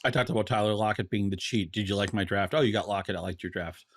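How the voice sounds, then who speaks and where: Wry lower-voiced man on a podcast. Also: fast talker. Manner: wry, playful asides and rhetorical questions. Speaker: podcast co-host. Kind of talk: casual fantasy football chat.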